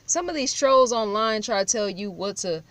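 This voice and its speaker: A woman talks straight to camera in a casual true-crime vlog, firm and bold rather than soft. Her voice sits at an ordinary middle pitch, and the sound is dry and close with no room around it. She keeps pressing rhetorical questions and circles back to repeat her points. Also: lively intonation, normal speed, no room sound. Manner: firm, blunt, confrontational.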